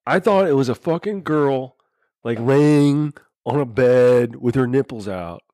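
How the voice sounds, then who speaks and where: A man's voice: mid-range voice, measured pace, no echo, clean studio sound. A man casually telling crude stories on a podcast, acting out the dialogue as a father. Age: adult father. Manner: crude, animated storyteller who acts out dialogue. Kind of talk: casual storytelling chat.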